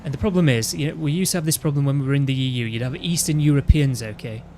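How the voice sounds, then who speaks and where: A man talks in a loose, rambling rant, his voice sitting at an ordinary middle pitch. He stumbles, restarts sentences and keeps checking in with his listener. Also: fast talker, dark tone, slight background noise. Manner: rambling, with frequent restarts and "you know what I mean". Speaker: gaming video host. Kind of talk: casual ranting chat.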